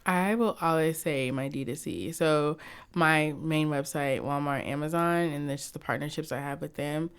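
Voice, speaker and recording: A young woman from the United States chatting in an interview, telling stories in an animated way and acting out quotes from others. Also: deep voice, normal speed, clean tone. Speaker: guest, cosmetics company founder. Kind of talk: casual interview chat.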